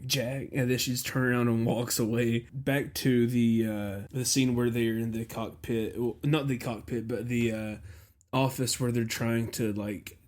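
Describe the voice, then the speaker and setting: A man's voice: mid-range voice, a little mellow. A man co-hosting a podcast, chatting loosely about a comedy film and laughing often. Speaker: podcast co-host. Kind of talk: casual movie recap chat.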